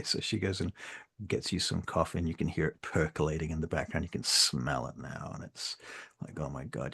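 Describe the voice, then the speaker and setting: A man's voice: low voice, vocal fry, husky. A man running a tabletop role-play game as game master, narrating scenes casually with lots of fillers.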